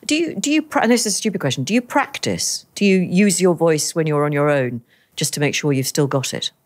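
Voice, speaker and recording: A woman with a Liverpool accent interviews her guest in a very low voice that still climbs and dips expressively. She asks chatty, leading questions and often restarts her sentences as she goes. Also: expressive, fairly quick. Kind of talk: conversational interview.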